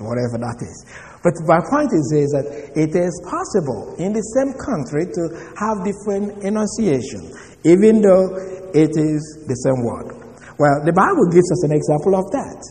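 A male preacher teaching from scripture, his voice rising and falling with animated intonation. He speaks deliberately, spelling words out letter by letter. The recording carries a long reverb from a large hall. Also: fairly high pitch. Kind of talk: sermon-style Bible teaching.

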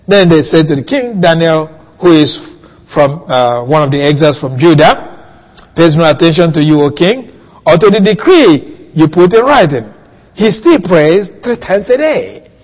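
A man preaching a sermon, teaching slowly through a Bible passage with soft chuckles and questions to his listeners. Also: fairly high pitch, big-room sound.

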